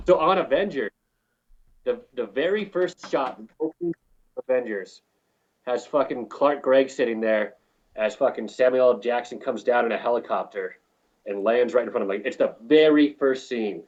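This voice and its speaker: A man's voice: mid-range voice, moderate pace, a little mellow, dull audio. A man from New Mexico who works on film crews, telling profane, rambling anecdotes in a casual interview. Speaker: film crew lighting technician, guest.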